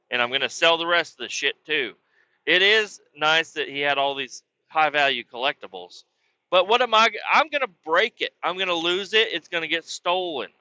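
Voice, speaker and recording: A man telling crude, excitable stories on his podcast, acting out both sides of arguments. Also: a little high, no room sound, muffled recording. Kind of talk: casual storytelling.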